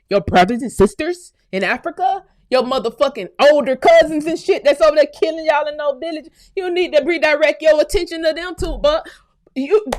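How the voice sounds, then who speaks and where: A woman from the United States hosting her own channel, delivering a profane, heated commentary rant that swings from low muttering to shouting. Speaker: channel host. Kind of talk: ranting commentary vlog.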